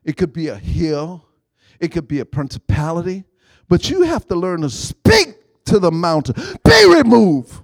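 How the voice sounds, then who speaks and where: A man preaching a sermon in call-and-response style, prompting the congregation to finish his lines and rising to shouts. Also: a little high, big pitch swings, normal speed, no room sound.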